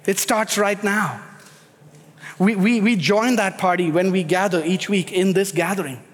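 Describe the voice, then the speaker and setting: High-pitched male preacher, building up emphatic, church echo. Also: a little slow. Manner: emphatic, building to rising intensity. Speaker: pastor. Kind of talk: sermon. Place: church sanctuary. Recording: echoey hall reverb.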